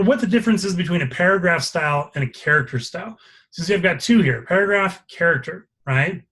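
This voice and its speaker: A man instructor leading a live class, explaining a software demo step by step and pausing to check for questions. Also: a little high.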